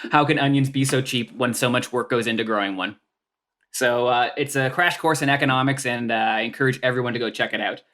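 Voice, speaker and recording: A man's voice: medium pitch, a little fast, bright, forceful tone. A man talking as a guest on a comedy podcast, rambling with lots of filler words and restarts. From Canada. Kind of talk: casual podcast chat.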